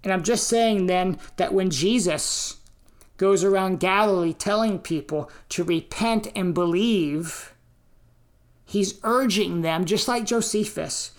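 American woman preacher, mid-pitched, unhurried, deliberate teaching sermon with emphatic quotations. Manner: slow, deliberate teaching delivery with emphatic quotes. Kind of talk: sermon on scripture and history.

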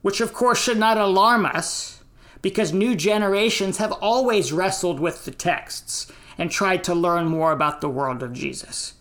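An American man preaching a sermon in a measured, deliberate way, pausing between phrases. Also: high voice, fairly bright tone. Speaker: pastor.

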